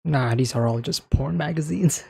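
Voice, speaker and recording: A man's voice: fairly high pitch, moderate pace, vocal fry, darkish tone, breathy edge. A man hosting an anime reaction, talking casually and thinking aloud as he comments on each scene, often checking in with "right?".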